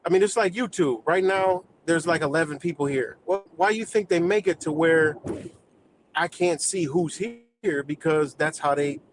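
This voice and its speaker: A man's voice: a little high, moderate pace, slight background noise, rough recording. A man ranting on a live stream in a rambling, profane, heated way, talking to his chat viewers.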